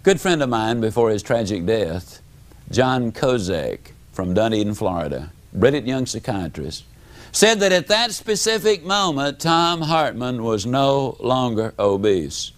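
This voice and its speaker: A man's voice: big pitch swings, a little slow. A man giving a motivational speech, telling a story in a folksy, dramatic way. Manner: folksy, dramatic, wide pitch swings. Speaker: motivational speaker.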